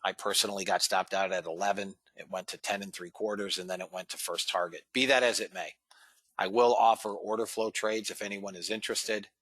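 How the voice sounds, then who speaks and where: A man's voice: deep voice, sharp tone, no room sound. A man hosting a live trading room, talking casually to viewers and reading out trade numbers. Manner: casual, talks to viewers as guys and fellas, reads out numbers.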